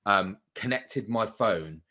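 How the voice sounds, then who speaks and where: A man in his thirties, a radio presenter, telling animated stories as a podcast guest and acting out the quotes. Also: on the low side, slow pace, lo-fi sound. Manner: animated anecdotes with acted-out quotes and excited outbursts. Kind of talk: casual interview storytelling.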